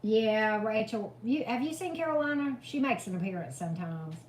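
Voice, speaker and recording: A woman's voice: on the high side, lively intonation, normal speed, darkish tone, a little hiss or hum. Chatty woman hosting a live stream. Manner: chatty, coaxing her dog with sing-song calls. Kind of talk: casual live-stream chat. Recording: roomy echo.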